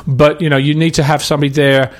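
A man's voice: a little high, flat delivery, quick pace. Englishman rambling through an interview. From England. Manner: rambling, many restarts and fillers. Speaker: guest, charity founder and actor. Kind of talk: casual interview talk.

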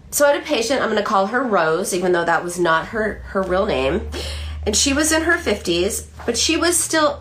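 Brief: middle-aged female psychoanalyst, animated storyteller, restarts sentences, lively pitch. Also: slight background noise. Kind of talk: explanatory talk.

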